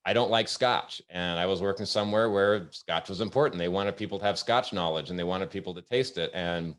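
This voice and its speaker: Hosting a casual webinar over what sounds like a video call, a man with a very low, deep, fairly bright voice tells anecdotes about work. He speaks at an easygoing pace, halting often with ums and uhs.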